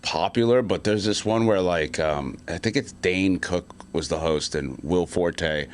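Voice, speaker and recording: A man with a very deep, low voice chats casually as a podcast guest. His delivery is laid-back and rambling. It often sinks even lower and quieter. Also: measured pace. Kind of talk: casual chat.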